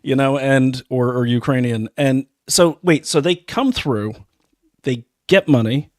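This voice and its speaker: Dude hosting, casual and jokey, mid pitch, super dry close sound. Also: male voice, no echo. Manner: incredulous, jokey, quick asides. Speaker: host. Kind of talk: casual interview talk.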